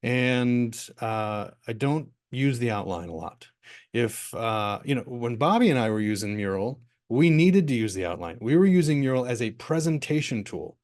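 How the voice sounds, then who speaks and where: A man facilitating a live online workshop over a video call, loose and rambling, with plenty of ums and restarts as he answers questions. His voice sits at a middling pitch for a man. The sound is dry and close, with no room echo. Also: normal speed. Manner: relaxed, rambling, many fillers and restarts.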